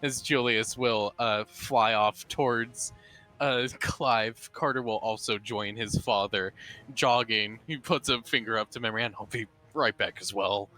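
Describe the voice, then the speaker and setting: A man narrating a tabletop role-playing game as game master, unhurried with frequent restarts. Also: medium pitch, fairly even intonation, pushed and bright.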